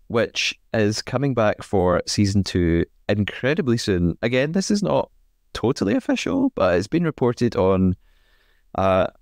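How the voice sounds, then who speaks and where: Low-voiced man hosting a podcast. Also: no echo, clean studio sound. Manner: filler-heavy, hesitant, laughs often. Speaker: podcast host. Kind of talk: casual chat.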